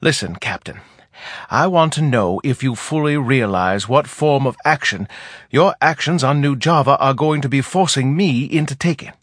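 A man's voice: mid-range voice, normal speed, fairly bright tone, no room sound, studio quality, pitched above the performer's own voice, natural voice. A man reading as a feeble, whining old commander. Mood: pleading, stern. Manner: pleading, long-winded officialese. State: out of breath. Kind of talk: audiobook character reading.

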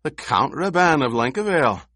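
A man voicing a gruff, angry weary warrior. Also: on the low side, expressive, a little slow, dry recording, studio quality. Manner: tense, forceful outbursts.

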